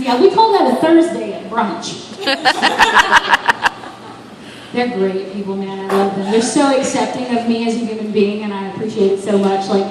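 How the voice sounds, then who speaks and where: Young female stand-up, high voice, chatty and self-deprecating, recorded from far off in a boomy room. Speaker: stand-up comedian. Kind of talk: stand-up comedy set. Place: bar open mic stage. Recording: echoey room, distant mic, background noise.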